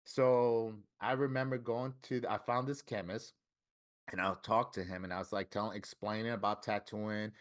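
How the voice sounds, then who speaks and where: Middle-aged man, lively storyteller. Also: fairly low pitch, moderate pace. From Florida, US. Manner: lively storyteller who acts out quoted dialogue. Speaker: tattoo artist and interview guest. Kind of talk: casual storytelling interview.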